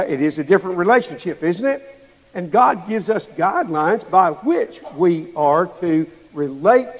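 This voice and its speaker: High-voiced preacher in a reverberant hall. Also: male voice, a little mellow. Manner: asks the listeners rhetorical questions. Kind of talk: sermon.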